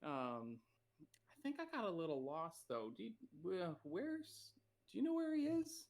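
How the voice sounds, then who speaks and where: A man's voice: sits high, sing-song, darkish tone, voice pushed up. A man playing a giggly fake-drunk elf. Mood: faux drunk. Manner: stumbling, giggly, halting delivery. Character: male elf feigning a drunk, lost cousin.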